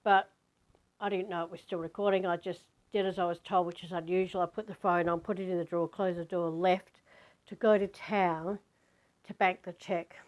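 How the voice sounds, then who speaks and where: A woman's voice: fairly low pitch, fairly even intonation, moderate pace, poor audio. A woman who is a spiritual vlogger, telling a personal story in a candid, rambling way with plenty of swearing.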